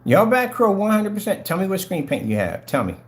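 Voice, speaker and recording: A man on a livestream rant, taunting and confrontational, hammering viewers with the same questions again and again. His pitch jumps around a lot, swinging from low mutters to high, pointed jabs. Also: sing-song, a little fast. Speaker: channel host.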